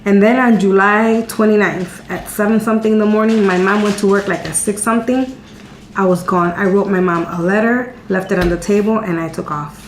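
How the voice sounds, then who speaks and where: A woman's voice: medium pitch, steady tone, brisk. Woman in her 30s vlogging, chatty and open, repeats herself a lot, room echo. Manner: chatty and candid, repeating words as she talks. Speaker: vlogger answering viewer questions. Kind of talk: casual storytelling chat. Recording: echoey room with faint hum.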